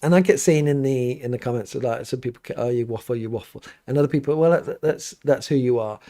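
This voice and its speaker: A man's voice: mid-range voice, quick pace, warm tone. A middle-aged man, a priest hosting a live question-and-answer stream from his home studio, talks casually and rambles with many restarts and fillers.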